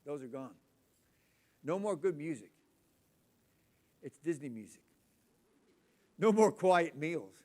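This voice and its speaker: Older guy in his 60s preaching, pretty high voice, loud and lively storytelling. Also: slow pace, long pauses. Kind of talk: sermon with personal stories.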